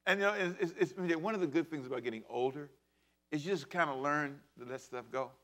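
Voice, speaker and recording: A man in his fifties preaching a sermon as pastor, swinging between loud bursts and hushed asides. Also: on the high side, fairly quick. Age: 50s.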